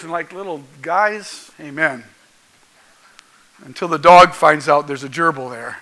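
A man's voice: fairly high pitch, moderate pace, pushed and bright, poor audio. A male pastor preaching a folksy, jokey sermon that keeps asking the congregation questions.

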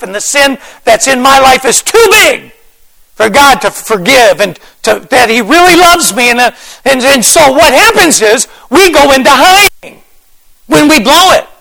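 A man delivers a fervent sermon, repeating key phrases and building up to shouts. His voice sits very high for a man and has a gravelly edge. The tone is bright and forceful. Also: rough recording. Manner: fervent, repetitive preaching with rising shouts. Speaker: pastor.

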